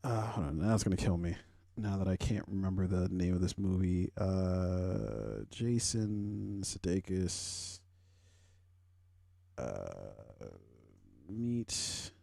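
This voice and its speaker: Young guy rambling on his podcast, cussing a lot, warm dark voice, dry close sound. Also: sits low, slow pace, gravelly, dry recording. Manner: rambling, profane, swings into loud animated rants. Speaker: podcast host. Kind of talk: casual pop-culture chat.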